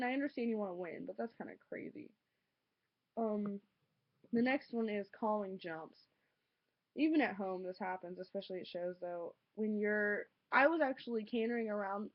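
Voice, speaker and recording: A teenage girl talks straight to her camera, ranting casually and filling her sentences with "like". Her voice sits a little high. The recording is dull and lo-fi, as if made on a home webcam. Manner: chatty, lots of "like", exasperated ranting. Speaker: vlogger. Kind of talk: casual vlog monologue.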